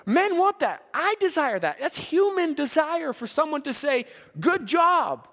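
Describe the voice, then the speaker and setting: A man's voice: extremely high pitch, sing-song, moderate pace, in a large hall. A man preaching a sermon to young people, earnest, often repeating words as he builds a point. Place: church.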